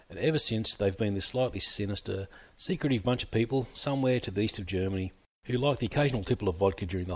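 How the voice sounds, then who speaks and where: A man with a low, husky voice narrates his history podcast from a script. He slips in wry, joking asides as he goes. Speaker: podcast host.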